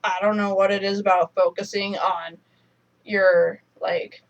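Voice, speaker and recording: A woman's voice: medium pitch, level tone, measured pace, lo-fi sound. A woman co-hosting a casual review chat, explaining at length with lots of fillers. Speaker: podcast co-host.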